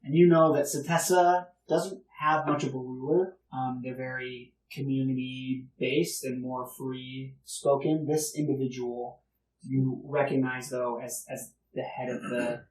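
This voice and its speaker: A man running a tabletop game as game master, narrating in a relaxed, hesitant way. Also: medium pitch, measured pace. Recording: roomy, distant mic.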